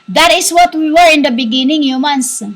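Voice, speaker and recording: A woman giving a rambling spiritual monologue, halting and repetitive, scolding her listeners as "humans". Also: high-pitched, low-quality recording. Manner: scolding, insistent. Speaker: self-styled spiritual teacher.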